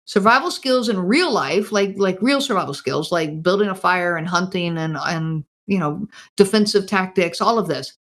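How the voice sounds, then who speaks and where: A woman's voice: on the low side, moderate pace. A woman hosting a podcast, talking earnestly and directly to her listeners, asking them questions and often repeating phrases. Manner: direct, emphatic, asks listeners many questions. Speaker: podcast host.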